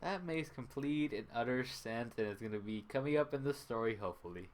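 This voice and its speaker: A man's voice: mid-range voice, lively intonation, brisk. A man serving as game master, mixing casual chat with game narration in a dry, wry way.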